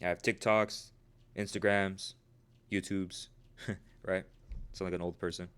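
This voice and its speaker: A man's voice: sits low, little pitch movement, a little slow, fairly bright tone, smooth. A man of twenty hosting a casual livestream about trading, talking earnestly and motivationally, peppering his speech with "right?" and "bro". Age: 20s.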